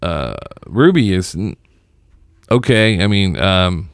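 A middle-aged man with a very low, deep voice talks casually into a close studio mic. He rambles and halts, restarting his sentences often. The sound is dry and close. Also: big pitch swings, gravelly, no room sound. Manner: rambling, halting, many restarts. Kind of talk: casual chat.

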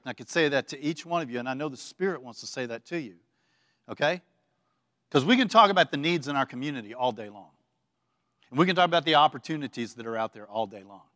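A man's voice: a little high, expressive, a little fast, fairly bright tone, dry recording, clean studio sound, in a large hall. A pastor preaching a conversational sermon to his congregation, with many fillers and restarts, leading the room in call-and-response. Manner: casual, filler-laden, leads call-and-response. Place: church sanctuary.

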